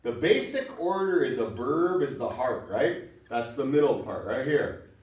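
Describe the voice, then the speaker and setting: A man with a medium-pitched voice and a slightly slow delivery teaches a language lesson, lively and patient, frequently checking comprehension. The mic sits far from him in an echoey room.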